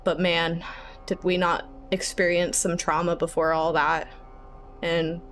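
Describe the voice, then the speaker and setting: A woman's voice: fairly low pitch, steady tone, measured pace, faint music behind. A young woman hosting a horror game playthrough, chatting nervously, rambling and bursting into panicky repeats and squeals. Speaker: gaming channel host.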